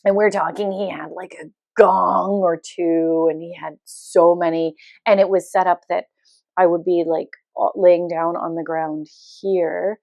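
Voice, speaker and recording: Woman host, chatty solo story, acts out quotes, loud laugh, dry booth. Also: fairly low pitch, steady tone, a little slow, creaky, no echo. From Canada. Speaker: podcast host. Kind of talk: casual storytelling monologue.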